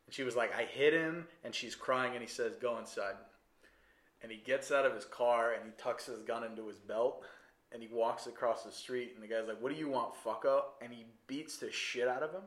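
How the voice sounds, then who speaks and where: A man co-hosting a casual podcast chat about a film, telling scenes with lively energy and acting out the characters' lines. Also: medium pitch, a little fast. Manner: animated storyteller who acts out scenes. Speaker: podcast co-host. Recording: roomy echo.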